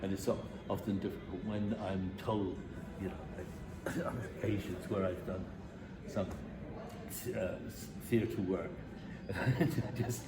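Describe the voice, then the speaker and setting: A man's voice: low-pitched, fairly even intonation, a little slow, loud music behind the voice. An older Englishman with an English accent answering interview questions in a hesitant, self-deprecating way, full of restarts. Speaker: improvising vocalist interviewed. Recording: echoey room with loud ambient noise.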